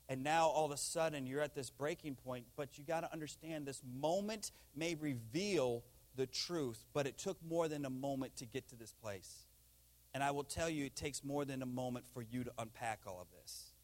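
Guy preaching a sermon, pretty high voice, gets loud then drops way down quiet. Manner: animated preaching, rising and dropping to hushed intensity. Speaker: pastor.

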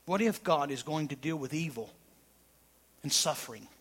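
A male pastor preaching a sermon, swinging from loud emphatic declarations to hushed, intimate tones. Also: on the high side, lively intonation, moderate pace, breathy edge.

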